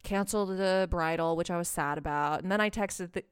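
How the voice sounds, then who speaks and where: A young woman telling a story in casual chat, animated and swearing, with lots of "like". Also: fairly low pitch, a little fast, smooth. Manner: animated, swearing, heavy use of "like". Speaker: podcast co-host.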